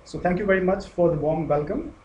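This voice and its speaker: A man from Pakistan with a Pakistani accent, giving an academic lecture in a measured way, pausing with fillers and restarts. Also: sits high, darkish tone, muffled recording. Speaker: guest lecturer. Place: lecture hall. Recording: echoey hall with faint noise.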